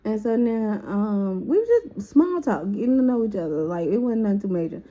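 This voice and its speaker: Woman, storytime vlogger, mellow voice, dull lo-fi sound, lively and profane. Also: mid-range voice, a little fast. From Chicago. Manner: lively, profane, acts out others' lines in voices. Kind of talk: casual storytime.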